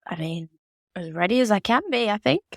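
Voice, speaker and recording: A woman's voice: medium pitch, expressive, fairly quick, gravelly, dry recording, clean studio sound. A young woman co-hosting a casual podcast, joking and swearing. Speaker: podcast co-host.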